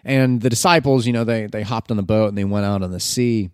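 A man's voice: fairly low pitch, steady tone, a little fast, clean tone, no echo, studio quality. A man reading scripture and then preaching about it in an earnest, conversational way, with filler words.

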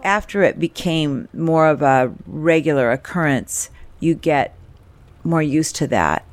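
A woman's voice: low-pitched, lively intonation, measured pace. A woman telling a first-person story from her childhood in a candid, wry, conversational way.

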